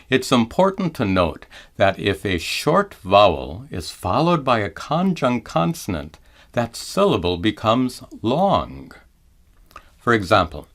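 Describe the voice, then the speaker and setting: Slow, calm man teaching chant. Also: lowish voice. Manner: calm, measured, demonstrates each chanted syllable slowly. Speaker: Sanskrit teacher. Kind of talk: slow explanatory lesson with chanted examples.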